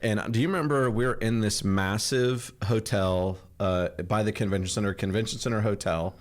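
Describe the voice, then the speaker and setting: A man's voice: on the low side, moderate pace. A man hosting a podcast in casual chat, joking and rambling in a friendly way. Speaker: podcast host. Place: home office in kitchen.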